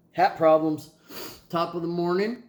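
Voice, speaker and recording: In an echoey room, a man with a nasal, fairly high-pitched voice speaks slowly and expressively. He sounds like a tired, sore father rambling casually to his kids in a video diary, loose and full of ums and sighs.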